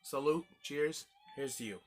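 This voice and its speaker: A man's voice: on the high side, measured pace, faint music behind. A man hosting a casual gin tasting review, chatty and rambling, exclaiming as he tastes.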